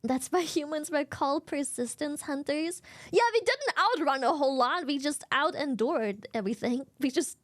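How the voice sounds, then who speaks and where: High-voiced giggly woman streamer. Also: normal speed, few pauses. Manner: animated, giggly, swears a lot. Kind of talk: casual live-stream chat.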